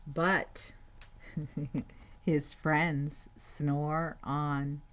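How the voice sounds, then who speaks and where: A woman reading a children's picture book aloud, adding gentle, chatty asides to her listeners. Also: deep voice, flat delivery, drawn-out words. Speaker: storyteller.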